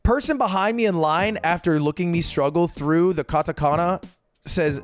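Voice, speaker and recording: A man, a streamer, telling a story in an exasperated, profane way, casual and animated. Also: a little high, normal speed, soft background music. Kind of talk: casual comedic storytelling rant.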